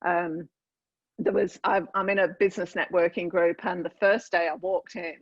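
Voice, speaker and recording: A woman in her fifties from northern England, chatting as a podcast guest over a remote call, lively and full of restarts. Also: lowish voice, normal speed, no echo, highs cut off. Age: 50s. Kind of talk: casual interview chat.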